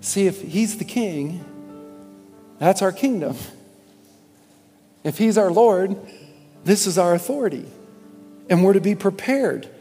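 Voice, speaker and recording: A man preaching a sermon as pastor, impassioned, swinging from shouts down to quiet, probing questions. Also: high-pitched, lively intonation, slow pace, long pauses. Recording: music and long hall reverb.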